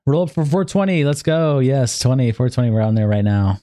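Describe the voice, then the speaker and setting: A man's voice: medium pitch, expressive, brisk, dark tone, no echo, studio quality. A young man livestreaming, reading a long document aloud in a casual, profane, sleepy way with bursts of hype. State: sleepy, yawning. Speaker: streamer.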